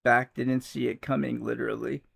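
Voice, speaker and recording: A man's voice: mid-range voice, little pitch movement, moderate pace, gravelly, fairly bright tone, breathy edge. A man hosting a casual livestream, joking with his chat and laughing often. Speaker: livestream host.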